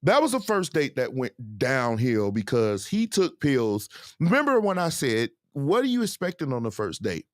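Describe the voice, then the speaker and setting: A man's voice: medium pitch, huge pitch swings, normal speed, no echo, clean studio sound. A man hosting a show, commenting on a clip and addressing his viewers in a direct, opinionated way. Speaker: host reacting to clips.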